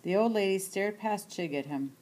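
A woman reading a short story aloud in a steady, quiet narrating voice. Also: medium pitch, moderate pace.

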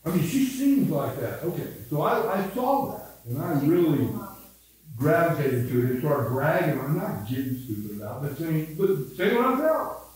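A man's voice: fairly high pitch, very animated, normal speed, a little mellow. A man in his seventies with a Midwestern American accent, a pastor telling rambling, self-mocking stories in a casual Bible study. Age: 70s. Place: church room. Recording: echoey room, mic far off.

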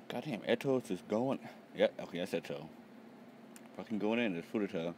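Deep-voiced young man, profane and excitable. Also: normal speed, a little hiss or hum. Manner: profane, excitable, reads panels aloud. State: tired. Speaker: manga reaction channel host. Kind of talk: casual live reaction read-aloud.

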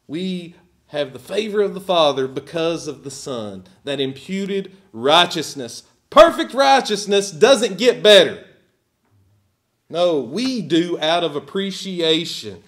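A man's voice: high voice, sing-song, takes it slowly, fairly bright tone. A man preaching a sermon as pastor, emphatic and at times sarcastic.

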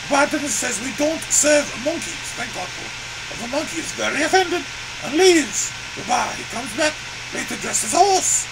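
A high, crude elephant puppet. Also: male voice, gravelly, background noise, full character voice. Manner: bellowing "ooh" cries, profane ranting. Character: crude boastful male elephant puppet, grumpy. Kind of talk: puppet comedy sketch.

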